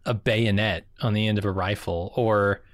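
A man co-hosts a podcast, chatting casually in a wry, joking way. His voice is fairly low with fairly even intonation and a moderate pace, recorded cleanly in studio quality with no echo.

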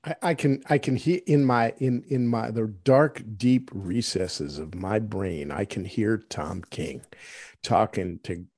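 Gravelly man in a dry room. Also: on the low side, a little mellow, no echo. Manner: halting, reflective. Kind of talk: podcast conversation.

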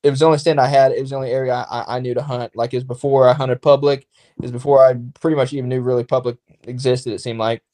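A man in casual podcast chat, telling a long story in a rambling, lively way and acting out the exchanges he quotes. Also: medium pitch, racing.

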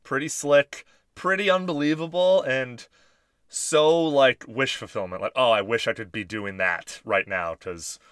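A man's voice: mid-range voice, unhurried, smooth, dry recording, clean studio sound. A man co-hosting a casual podcast, retelling scenes from a TV episode with frequent "like" and laughter. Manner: laughing, filler-heavy, animated retelling. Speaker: podcast co-host. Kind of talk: casual chat about a TV episode.

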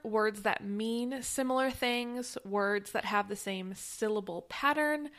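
Woman podcast host just chatting and explaining stuff, lots of likes and restarts, middle pitch. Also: a bit bright. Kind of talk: casual educational podcast monologue.

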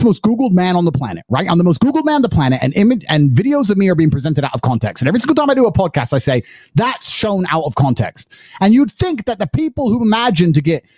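A man in his thirties hosting a podcast, talking in a forceful, boastful, preaching way. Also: a little high, no echo. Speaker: podcast host. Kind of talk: emphatic podcast monologue.

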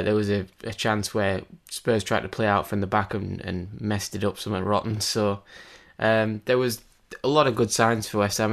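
A man's voice: lowish voice, creaky. A man co-hosting a football podcast in loose, chatty talk with frequent restarts. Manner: rambling, many restarts and fillers. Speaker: podcast co-host. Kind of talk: casual football chat.

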